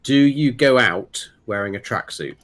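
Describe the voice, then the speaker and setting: A man's voice: medium pitch, expressive, a little slow, fairly bright tone. A man chatting as a co-op gaming partner, dry and teasing. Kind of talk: casual gaming banter.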